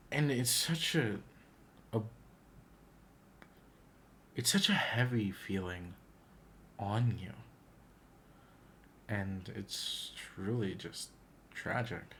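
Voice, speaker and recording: 一位中等音高的男性反应视频主播，对着镜头和麦克风说话，语气真诚、若有所思，常常停下来斟酌措辞。. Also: male voice, medium pitch. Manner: reflective, searching for words. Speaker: reaction video host. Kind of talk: casual earnest reaction talk. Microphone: microphone to camera.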